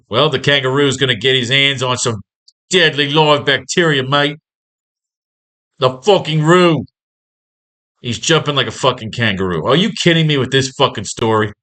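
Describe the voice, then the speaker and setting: A man's voice: medium pitch, bright, forceful tone. A man teaching a comic-writing class, recapping an old story in a rambling, sarcastic and profane way.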